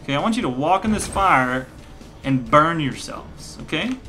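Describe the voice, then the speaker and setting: A man's voice: on the high side, animated, normal speed. A man giving rambling, joking let's play commentary, breaking into mock rage and laughter. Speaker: gaming commentator. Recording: game music playing behind.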